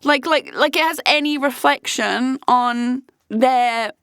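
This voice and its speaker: A woman's voice: high voice, slow pace, fairly bright tone, clear, resonant tone, dry recording, studio quality. A woman, talking frankly and casually to her viewers and swearing freely. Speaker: host. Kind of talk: candid casual chat.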